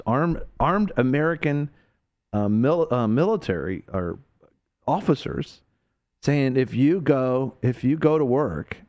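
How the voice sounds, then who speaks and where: A male host on a Christian radio program, talking in a preaching manner with bursts of emphasis. His voice sits at an ordinary middle pitch, and he speaks with the cadence of a sermon. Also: darkish tone. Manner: preacherly, rising to emphatic peaks.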